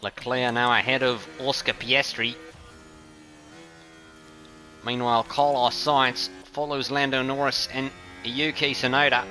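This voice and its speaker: A man streaming a racing game live, commentating casually and joking with quick asides. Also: mid-range voice, little pitch movement, pushed and bright, soft background music.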